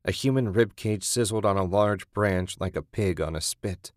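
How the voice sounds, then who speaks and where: A man reading a horror story aloud in a steady, measured narration. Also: deep voice, no echo, studio quality. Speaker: audiobook narrator.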